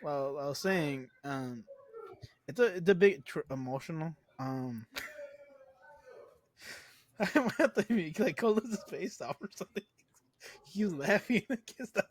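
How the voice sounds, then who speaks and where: A man's voice: a little high, expressive, unhurried, long pauses, no room sound. A man on a casual podcast who talks in an earnest, rambling, reflective way. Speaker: podcast co-host.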